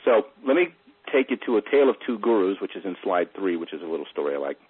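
A man's voice: deep voice, very animated, fast, slightly rough, no room sound. A middle-aged man giving a conversational slide presentation, telling stories with fillers as he goes. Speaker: presenter, internet entrepreneur. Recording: dry tinny phone-like line.

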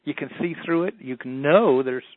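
A man telling stories as a motivational speaker in a radio interview, in a folksy, animated way. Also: medium pitch, normal speed, dry recording. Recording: dry, tinny phone line.

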